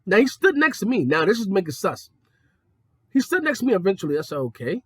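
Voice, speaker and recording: A young man rants through a casual, profane story, his high voice swinging widely between excited peaks and low, mocking asides. The tone is bright with a slight husk, recorded close and dry. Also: fast, slightly rough, no echo. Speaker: podcast host.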